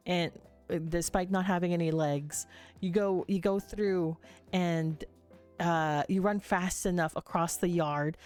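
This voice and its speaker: A woman narrating a livestreamed tabletop game as game master, meandering and halting with many fillers. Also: on the low side, darkish tone.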